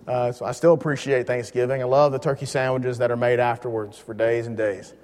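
A man teaching a Bible lesson in a relaxed, joking way, leaning hard on key words. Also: medium pitch, a little fast, long reverb tail.

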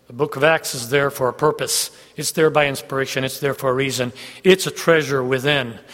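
A man's voice: medium pitch, steady tone, fairly quick, a bit bright. Folksy preacher man in an echoey hall. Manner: folksy, joking asides with the congregation. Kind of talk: sermon.

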